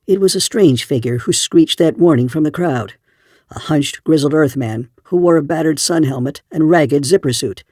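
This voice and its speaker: A man narrating an audiobook in a steady storytelling voice. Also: on the high side, normal speed, dry recording, studio quality. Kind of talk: scripted narration.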